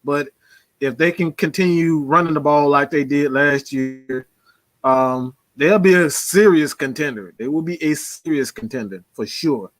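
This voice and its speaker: A man's voice: fairly high pitch, unhurried, a bit bright. A man giving casual, slangy football commentary, talking loosely with frequent laughs. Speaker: sports commentator. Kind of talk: casual sports talk.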